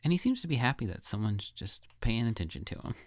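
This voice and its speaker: A man's voice: mid-range voice, very animated, quick pace, no echo, clean studio sound. A man co-hosting a podcast in laid-back casual chat, often giving short agreeing replies. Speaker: podcast co-host.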